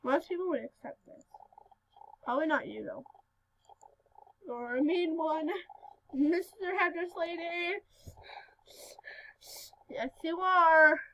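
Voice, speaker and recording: A female speaker giving casual gameplay commentary, giggly and excitable, breaking into sudden loud outbursts. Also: very high voice, slow, long pauses, highs cut off. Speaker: gaming video host.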